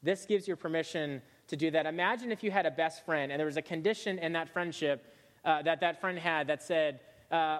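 A man's voice: a little high, fairly quick, in a large hall. A man giving a sermon as a pastor, speaking in a casual, conversational way with frequent restarts.

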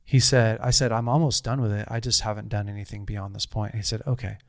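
A man's voice: lowish voice, flat delivery, fast, creaky, no echo, clean studio sound. A man in his thirties telling a personal story in casual conversation, earnest and rambling, with frequent restarts.

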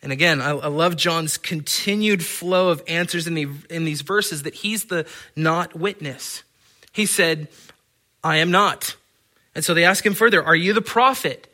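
A man's voice: on the high side, moderate pace, pushed and bright. A man preaching a sermon in an earnest, emphatic way, often stammering and restarting his phrases. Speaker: pastor.

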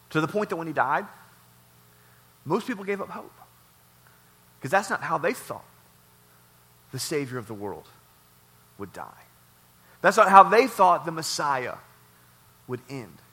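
A man pastor delivering a sermon in a warehouse church, repeating phrases and swinging between loud and soft. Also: high-pitched.

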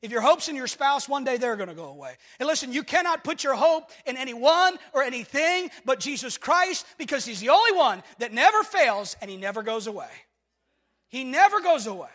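High-voiced man preaching in echoing church. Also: very animated, brisk. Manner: preaching with sudden swings from shouting to near-hushed tones; repetitive rhetorical calls to the congregation. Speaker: pastor. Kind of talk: sermon. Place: church sanctuary. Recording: long hall reverb from a church.

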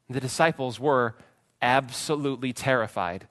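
A man preaching a sermon, retelling a story with dramatic swings from loud pleading cries to hushed, quiet phrases. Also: fairly high pitch, lively intonation, measured pace. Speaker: pastor.

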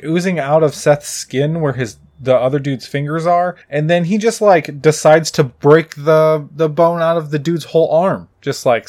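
A man's voice: fairly high pitch, darkish tone. A man casually recapping a movie in a rambling, profane way, with lots of filler words.

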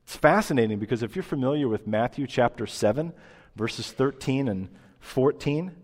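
A man's voice: medium pitch, in a large hall. A man preaching a sermon as pastor, reading scripture aloud with rising emphasis and explaining it.

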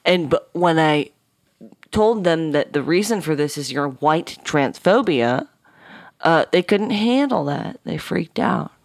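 A woman guest telling a personal story on a podcast, animated and profane, acting out the people in it. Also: low voice, takes it slowly, no room sound, studio quality. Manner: animated, swears a lot, acts out dialogue. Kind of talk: casual storytelling.

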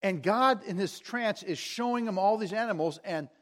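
A man's voice: high-pitched, moderate pace. A man preaching a sermon, retelling a story and asking his listeners questions. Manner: storytelling, animated, asks the audience questions.

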